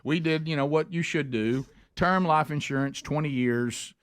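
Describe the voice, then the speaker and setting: A man's voice: on the high side, normal speed, clear, resonant tone, no room sound. A middle-aged man with an Alabama accent hosting a radio talk show, telling stories in a chatty, joking way. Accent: Southern US, Alabama. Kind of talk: casual radio banter.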